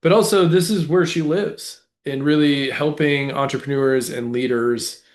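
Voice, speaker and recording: A man's voice: a little high, steady tone, a little slow. A man hosting a business podcast, talking in a friendly, easygoing way. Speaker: podcast host. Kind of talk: casual podcast interview.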